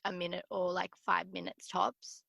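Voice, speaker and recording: Young woman, podcast guest, casual storyteller with lots of fillers; bright tone, dry close sound. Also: fairly low pitch, flat delivery, moderate pace, gravelly, dry recording. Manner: chatty, filler-heavy storytelling. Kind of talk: casual chat.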